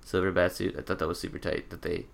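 A man co-hosting a casual podcast, joking and teasing his friends, getting loud and laughing often. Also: sits low, flat delivery, fast, gravelly. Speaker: podcast co-host. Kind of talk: casual banter.

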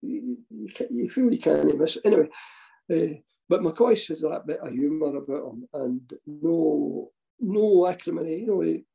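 This older Scotsman tells anecdotes from his football managing days, chuckling, backtracking, and voicing the characters he quotes. The sound is muffled; his voice is gravelly and on the high side, animated but at a normal speed.

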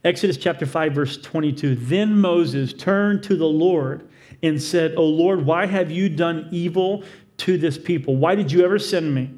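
A man's voice: on the high side, moderate pace, darkish tone. A male pastor preaching a sermon, telling the story with animation and acting out the quoted voices.

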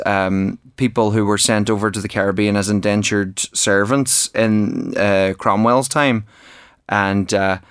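A man's voice: on the low side, clear, resonant tone, no echo, clean studio sound. A man, talking about his book as a guest in an interview, keen, with many false starts and repeated words. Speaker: author and actor guest. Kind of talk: conversational interview.

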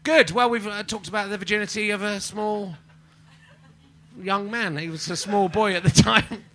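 A man in his forties hosting a live comedy podcast, rambling and self-mocking, prone to sudden shouting. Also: sits high, fairly even intonation, moderate pace. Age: 40s. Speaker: podcast host. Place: live venue with audience.

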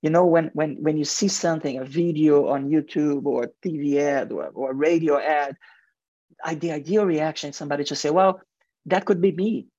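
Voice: medium pitch, steady tone, brisk, warm tone, no room sound. A guest in marketing and advertising speaks earnestly in a radio interview with a heavy accent and frequent restarts. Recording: dull lo-fi radio sound, dry.

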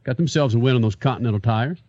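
A man's voice: mid-range voice, rapid-fire, dark tone, dry recording. A man hosts a radio show in a dry, close studio sound with a slightly dull tone. He wraps up the segment in a promotional, upbeat manner.

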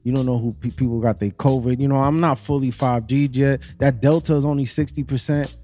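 A man's voice: medium pitch, fairly even intonation, a little fast, warm tone, soft background music. A man telling a long, profane story in casual chat among friends.

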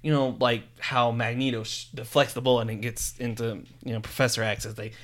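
A man in casual film chat who talks in an animated way and slips into quoted voices as he retells scenes. His voice sits at an ordinary middle pitch. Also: brisk. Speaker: podcast co-host.

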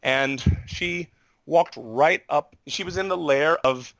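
A man's voice: on the high side, slow, gravelly, no echo. A middle-aged man, a podcast guest, telling a story with animation and acting out the voices of the people in it. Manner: animated, acts out players' voices in his story. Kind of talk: storytelling in a casual chat.

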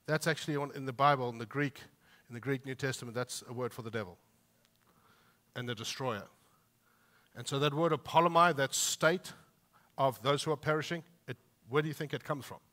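A man preaching a sermon with emphasis. He lifts his voice when he reads scripture and drops low for quiet asides. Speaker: pastor. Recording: long reverb of a large hall.

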